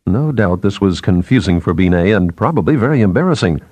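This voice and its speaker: Male narrator, low husky voice, lively pitch, dry close sound. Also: a little fast, dry recording. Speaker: audiobook narrator. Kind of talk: scripted narration.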